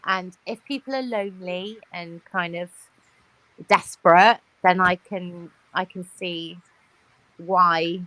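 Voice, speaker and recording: A woman's voice: lowish voice, fairly even intonation, slow pace, sharp tone, low-quality recording. A woman in a casual group chat, telling a story with frequent laughter.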